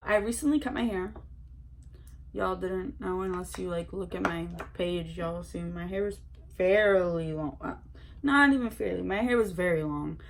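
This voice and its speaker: A young woman chatting excitedly as a beauty vlogger while doing her makeup, full of slang and filler words. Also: fairly low pitch, normal speed, gravelly.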